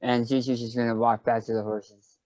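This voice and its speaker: A man's voice: mid-range voice, level tone, moderate pace, a little mellow, no echo, dull audio. A man playing an online tabletop game, describing his character's actions. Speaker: player. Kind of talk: casual tabletop game chat.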